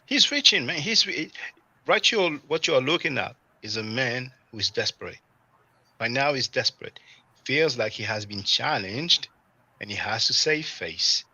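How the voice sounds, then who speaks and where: A man hosting a casual livestream, talking in an animated, chatty way and leaning on "you know" and "man". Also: medium pitch, normal speed, slightly rough, no room sound, low-quality recording. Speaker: livestream host.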